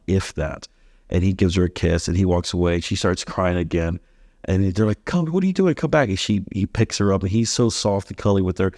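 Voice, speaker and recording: A man's voice: sits low, darkish tone, no echo, studio quality. A man in his thirties hosting a podcast, talking earnestly and telling anecdotes, often restarting his sentences. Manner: earnest, repeats words when starting, tells anecdotes. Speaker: podcast host. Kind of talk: casual conversation.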